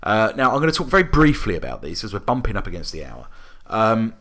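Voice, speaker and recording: Dry man, low bright voice. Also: wildly swooping pitch, quick pace. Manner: dry, wry asides, hesitant with many uhs. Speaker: podcast co-host. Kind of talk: casual chat.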